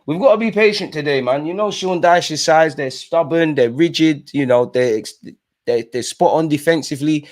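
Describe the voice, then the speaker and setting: A young man hosting a live football watch-along, commentating casually with slang and shouting at the referee. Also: a little high, moderate pace.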